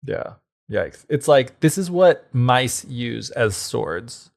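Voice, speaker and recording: A man's voice: medium pitch, expressive, slow, vocal fry. A man co-hosting a podcast, reacting playfully and joking as a story is told. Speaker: podcast co-host. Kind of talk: casual chat.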